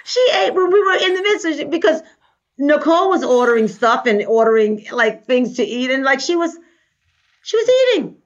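A woman, a life coach, telling an animated story in a casual interview and acting out the voices of the people she quotes. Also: high-pitched, moderate pace. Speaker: guest, life coach and trainer. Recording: dull lo-fi recording.

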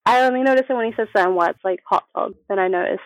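A woman's voice: medium pitch, very fast, no echo, low-quality recording. A woman with a generic English accent, a guest chatting casually, laughing often and restarting her sentences. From England. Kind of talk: casual chat.

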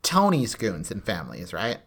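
Animated podcast co-host. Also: deep voice, normal speed, husky. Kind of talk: casual recap chat.

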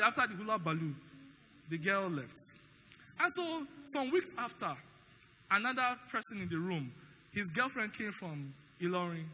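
A man's voice: high voice, big-room sound, a little hiss or hum, poor audio. A man with a Nigerian accent preaching a sermon as pastor, telling stories animatedly and acting out the dialogue. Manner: animated storytelling, acts out dialogue.

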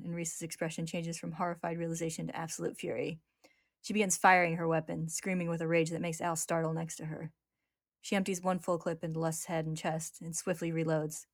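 A woman host narrating a dramatic story recap. Her voice is low and gravelly, with a dry, close sound and no room around it. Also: dry recording. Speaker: podcast host.

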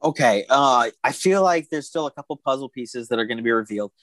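A man of ordinary pitch chats casually, spinning out long animated stretches and slipping into quoted asides. His voice sits close and dry on the mic, with no room sound around it. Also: a little fast, no room sound. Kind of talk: casual chat about TV shows.

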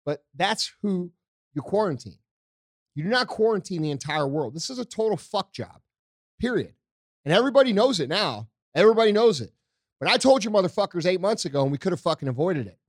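A man's voice: high-pitched, big pitch swings, brisk, no echo, studio quality. An American man ranting angrily on a podcast, swearing constantly. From United States. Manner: angry, profane ranting. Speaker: podcast co-host.

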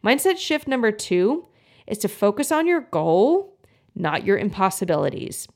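A young woman hosting a podcast as a health coach, talking in a friendly, earnest way and acting out inner thoughts in animated little voices. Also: medium pitch, a little slow. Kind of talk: casual solo podcast talk.

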